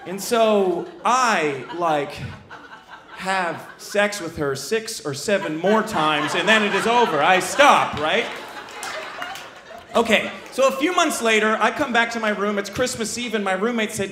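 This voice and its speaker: Brash, high-voiced stand-up comedian man. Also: a little slow, reverberant, crowd noise. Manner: brash, animated, self-mocking. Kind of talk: stand-up storytelling.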